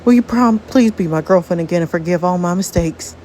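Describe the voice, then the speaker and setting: A woman's voice: lowish voice, brisk, mellow, slight background noise, natural voice. A woman voicing an earnest young man who speaks with an attempted southern drawl. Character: earnest young man proposing to his sweetheart.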